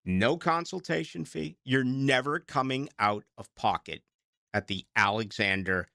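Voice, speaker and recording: A man's voice: mid-range voice, measured pace, creaky, pushed and bright, no room sound, clean studio sound. A middle-aged man with a Boston accent, hosting late-night sports talk radio in a rambling, self-mocking way.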